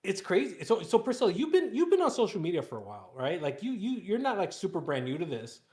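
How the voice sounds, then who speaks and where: A man's voice: high voice, very animated, fast, darkish tone. Casual male trading streamer. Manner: rambling, repeats words, swears casually. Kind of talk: casual live-stream chat.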